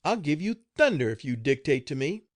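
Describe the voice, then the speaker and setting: A man voicing a quick-tempered plantation mistress who screams and scolds in an audiobook reading. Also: fairly high pitch, sing-song, no room sound, studio quality, voice pushed up. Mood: enraged.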